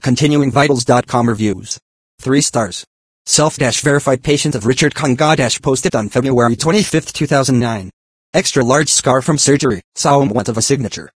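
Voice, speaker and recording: A computer-generated male voice reading text aloud in an even, mechanical way, speaking symbols and punctuation as words. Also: mid-range voice, moderate pace, slightly rough, dry recording. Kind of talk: synthetic text-to-speech reading.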